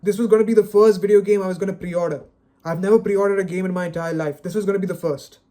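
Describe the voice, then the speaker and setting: Exasperated man ranting, high mellow voice. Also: steady tone, fast talker. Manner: exasperated, sighing, stammering repeats. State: dejected and frustrated. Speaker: video creator. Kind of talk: unscripted solo rant.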